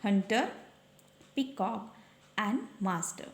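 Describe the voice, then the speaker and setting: A woman teacher, slowly explaining a textbook page and spelling out letters. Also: medium pitch, slight background noise. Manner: slow, patient, spells out letters. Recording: echoey room.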